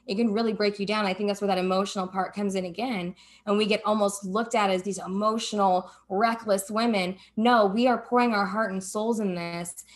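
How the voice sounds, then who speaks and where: A woman who owns a cannabis business, speaking as a panel guest and acting out remembered conversations. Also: mid-range voice. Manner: animated, acts out quoted dialogue. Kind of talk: casual panel discussion.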